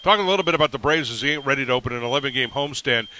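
A man hosts a live sports radio broadcast, talking at a brisk clip and steering the conversation. His tone is very bright and sharp-edged. He sounds upbeat and quick on his feet. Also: mid-range voice, lively intonation, slight background noise. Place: live remote broadcast at a racetrack. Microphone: broadcast microphone.

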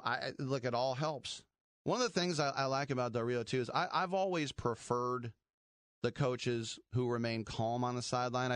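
Middle-aged male radio host, rambling and wry, mid pitch, dry close mic. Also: clean tone, dry recording. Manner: chatty, wry, rambling, laughs at his own jokes. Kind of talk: casual sports talk radio.

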